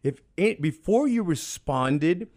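Calm, earnest man explaining martial arts. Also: on the high side, slow pace. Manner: earnest, explanatory, repeats phrases for emphasis. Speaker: jiu-jitsu instructor, guest. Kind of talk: conversational podcast interview.

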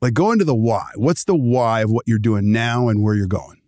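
A man's voice: mid-range voice, moderate pace, darkish tone, no room sound, clean studio sound. A male podcast host in a casual interview, curious and prompting his guests with questions.

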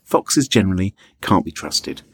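A man with a low, husky voice co-hosts a casual podcast, keeping it hushed and playful while his pitch still swings widely. He is tucked into a small, echoey room. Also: sing-song, normal speed. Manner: quiet, whispery and playful. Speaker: podcast co-host.

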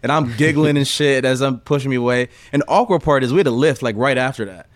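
A man's voice: medium pitch, quick pace, no echo. A man co-hosting a casual sports podcast, a former college player who tells stories animatedly and keeps breaking into laughs. His voice sits mid-range and sounds dry and close to the mic. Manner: animated storyteller, acts out quotes loudly, laughs often. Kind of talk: casual storytelling chat.

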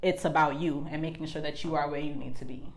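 A woman co-hosts a relaxed podcast and presses her guests with probing questions. Her voice is notably deep for a woman. Her tone stays conversational and direct. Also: fast, a little hiss or hum. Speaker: podcast co-host. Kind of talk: casual podcast discussion.

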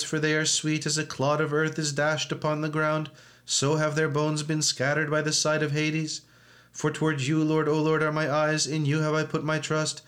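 A man reading and chanting psalms in a church service, with steady monotone intoning. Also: a little high.

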